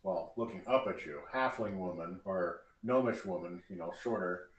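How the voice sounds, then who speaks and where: A man running a tabletop game as game master, narrating with halting fillers. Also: low voice, distant mic, highs cut off. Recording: echoey room, voice from off-mic.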